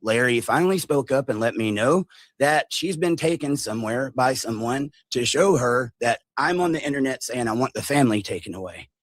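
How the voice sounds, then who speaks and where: A man telling a long story on a livestream, animated and mimicking the people in it. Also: mid-range voice, normal speed, no room sound. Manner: animated retelling, mimics others' voices.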